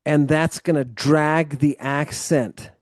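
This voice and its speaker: A man's voice: on the high side, steady tone, takes it slowly, darkish tone, no room sound. Man teaching Greek, dry close sound. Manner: encouraging, explains grammar at length. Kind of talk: live tutoring session.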